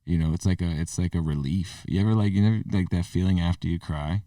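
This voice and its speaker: A man's voice: deep voice, steady tone, fast talker, mellow, no room sound, studio quality, recorded from a distance. A man co-hosting a casual podcast, joking but earnest and open about his feelings. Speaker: podcast co-host.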